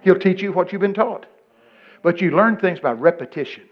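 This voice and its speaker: An older man preaching a folksy sermon full of stories, breaking into loud excited bursts. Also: sits high, normal speed. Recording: muffled lo-fi recording.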